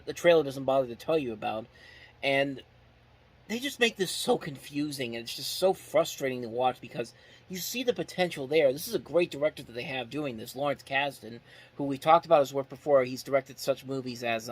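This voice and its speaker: Frank, rambling male film reviewer. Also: mid-range voice. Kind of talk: casual spoken movie review.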